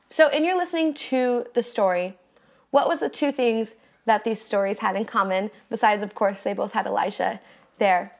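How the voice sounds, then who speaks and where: A woman's voice: mid-range voice, normal speed. A young woman hosting a devotional podcast, preaching in an earnest, encouraging way and speaking straight to her listeners. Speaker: podcast host.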